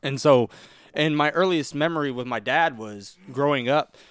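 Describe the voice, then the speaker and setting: A man's voice: medium pitch, normal speed, clear, resonant tone, no echo. A young man hosting a podcast, telling stories in casual chat, laughing and swearing freely. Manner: laughing, animated storyteller who swears freely. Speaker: podcast host. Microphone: studio mic.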